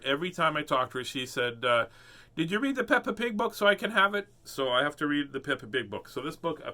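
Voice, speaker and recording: Playful man reading aloud, lively pitch. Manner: playful, goofy, laughs at himself. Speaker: host reading children's books. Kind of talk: casual live read-aloud.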